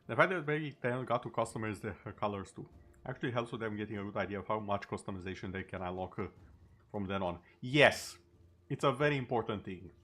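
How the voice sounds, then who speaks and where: A man's voice: lowish voice, fast talker, fairly bright tone. A male streamer in casual chat over gameplay, talking easily and tossing in sarcastic asides.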